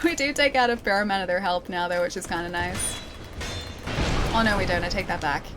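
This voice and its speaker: A woman's voice: on the low side, a little fast, music in the background. Giggly Australian woman streamer. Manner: chatty, giggly, talks to chat while playing. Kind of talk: let's play commentary.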